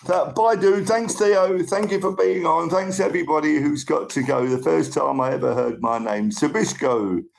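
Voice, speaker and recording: Gravelly middle-aged man. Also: fairly high pitch, normal speed, hardly any pauses. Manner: rambling, greets and thanks viewers. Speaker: live-stream host. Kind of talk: casual live-stream chat. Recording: roomy room with faint noise.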